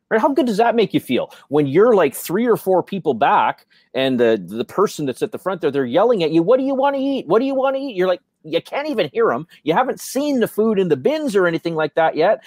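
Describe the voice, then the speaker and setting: A man's voice: a little high, dry recording. A man co-hosting a business chat, emphatic and motivational, asking rhetorical questions and often tagging on "right?". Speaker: podcast co-host.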